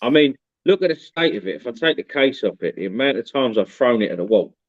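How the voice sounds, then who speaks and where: A man co-hosting a casual livestream, laughing, swearing and shouting out names from the chat. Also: medium pitch, animated, fast talker, dry recording. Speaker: livestream co-host. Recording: slightly dull lo-fi mic.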